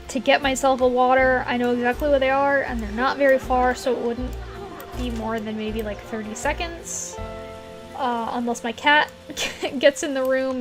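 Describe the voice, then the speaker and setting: A woman with a fairly high voice talks through a game on a live stream, rambling and giggling between fillers. Her throat sounds a little rough. Faint game music plays behind her. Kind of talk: casual live-stream chat while playing. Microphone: desk mic in a closed room.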